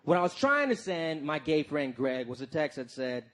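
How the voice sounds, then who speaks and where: A man in his thirties doing a stand-up comedy set, telling stories in an animated way and jumping into loud shouted voices. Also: fairly high pitch, moderate pace, few pauses. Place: live comedy stage before a crowd. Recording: live crowd noise in the background. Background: audience laughter and crowd noise.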